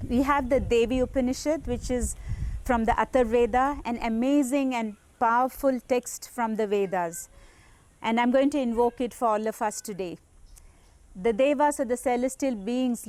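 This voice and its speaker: Woman spiritual teacher, fairly high voice, earnest and reverent, dry close sound. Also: a little mellow, no echo. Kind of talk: devotional teaching talk.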